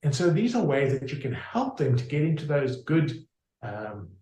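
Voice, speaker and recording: A man's voice: on the high side, very animated, normal speed, dark tone, reverberant, poor audio. A man explaining his homeopathic practice in an interview, using homely examples with frequent fillers and restarts. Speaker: homeopath guest.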